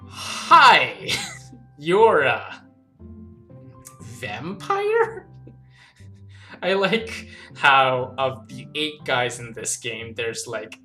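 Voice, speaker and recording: A man playing a dating game aloud, giggling often and reading the lines in silly voices. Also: mid-range voice. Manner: giggly, animated, does silly character voices. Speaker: game streamer.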